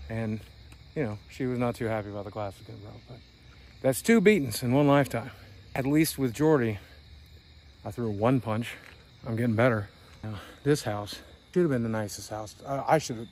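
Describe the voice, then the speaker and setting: A man's voice: medium pitch, a little hiss or hum. A middle-aged man vlogging a tour of his hometown, telling candid stories in a wry, conversational way. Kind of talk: casual storytelling. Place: outdoors at night.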